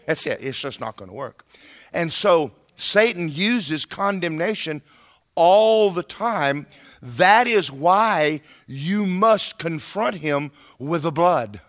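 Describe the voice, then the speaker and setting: A man preaching a sermon in an animated, conversational way, speaking emphatically and often checking in with his listeners. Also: a little high, slow pace.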